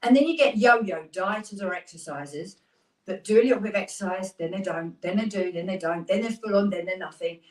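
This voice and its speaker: A woman's voice: medium pitch, animated, brisk, a little mellow. A British woman in her thirties, a fitness instructor chatting upbeat through a live workout class, with rambling asides. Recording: roomy sound, mic at a distance.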